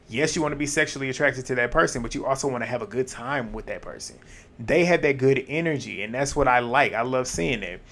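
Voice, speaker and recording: A man's voice: medium pitch, vocal fry, fairly bright tone. Chatty man recapping a reality show. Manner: chatty, laughs often, drops quick asides. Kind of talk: casual episode recap.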